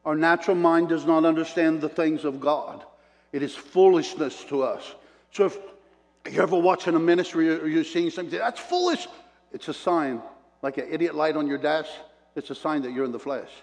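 An older man delivers a sermon as an animated storyteller. He moves between loud bursts and hushed asides. His slightly high voice rings out in a hall with a long reverb tail. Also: fairly quick. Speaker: preacher.

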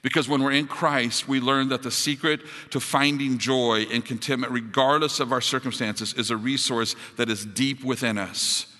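A man preaching a sermon as pastor, building to emphatic high points and dropping to soft, quiet appeals. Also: fairly even intonation, normal speed, few pauses, in a large hall. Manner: rises to emphatic peaks, drops to soft closing appeals.

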